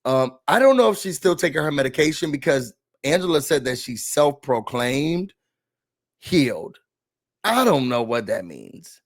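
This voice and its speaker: A man hosting a casual reality TV recap, talking in an animated, dramatic way with slangy asides. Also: mid-range voice, measured pace.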